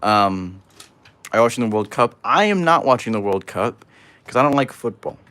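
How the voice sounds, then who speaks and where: Livestream host, rambling and jokey, mid-pitched everyday voice, reads chat aloud. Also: male voice, lively intonation, normal speed, sharp tone. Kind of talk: casual livestream chat while building.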